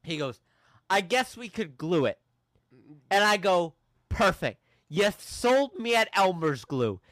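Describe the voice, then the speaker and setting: A man with a high, bright voice tells a story on a podcast and slips into voices for the people in it. His delivery is animated and jokey. The sound is close and dry. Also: slow pace, no room sound. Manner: animated, acts out quoted people with shouts and laughs. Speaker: podcast host. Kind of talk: casual storytelling chat.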